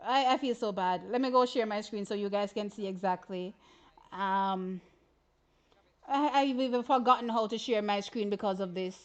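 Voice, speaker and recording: A woman, hosting a casual livestream and commenting on sprint races in an animated, exclamatory way. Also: medium pitch, normal speed. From Jamaica. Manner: animated, exclamatory, often says "child". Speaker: livestream host. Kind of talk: casual live-stream sports commentary.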